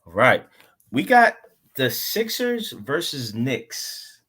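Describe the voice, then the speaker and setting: A man's voice: medium pitch, very animated, slow pace, pushed and bright, husky. A young man hosting a casual sports chat, laid-back, laughing often and tossing in "man" at the end of sentences. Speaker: podcast host.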